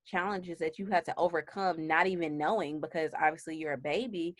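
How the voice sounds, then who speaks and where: A woman's voice: deep voice, steady tone, brisk, dry recording, studio quality. A woman hosting a casual faith interview who asks questions and responds in an affirming way. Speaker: interview host.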